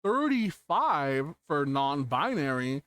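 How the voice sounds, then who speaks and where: A man's voice: fairly high pitch, big pitch swings, slow, fairly bright tone, clear, resonant tone. A man hosting an interview chat, earnest and emphatic, repeating key words for weight. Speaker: host.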